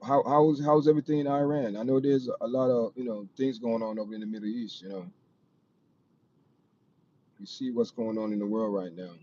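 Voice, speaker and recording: His mid-range voice is dark and steady in tone, delivered a little fast. He's a livestream host with a Jamaican accent who chats casually and ramblingly with viewers, repeating himself and often saying "you know what I mean," over dull lo-fi audio with faint noise.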